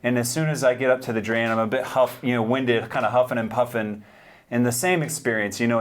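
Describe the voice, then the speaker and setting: A man telling a personal faith testimony, earnest and vivid, going hushed and quiet at the moving parts. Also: mid-range voice, a little hiss or hum. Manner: earnest, hushed when moved, vivid retelling. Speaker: speaker sharing a testimony.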